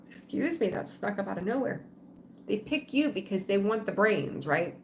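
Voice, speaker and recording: A woman's voice: medium pitch, a little mellow, slight background noise. A woman giving a live-streamed tarot reading, rambling conversationally and talking straight to her viewers. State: tired, yawning. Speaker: tarot reader.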